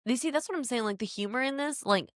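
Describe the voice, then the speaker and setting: A woman co-hosting a book podcast, chatting casually and reading reader reviews aloud in an animated, bubbly way. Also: on the high side, fast talker, no room sound, studio quality. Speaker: podcast co-host.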